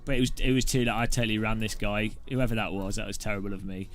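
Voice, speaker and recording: A man's voice: on the low side, fairly even intonation, fast talker, faint music behind. A man giving casual, jokey commentary over his sim racing gameplay and laughing often.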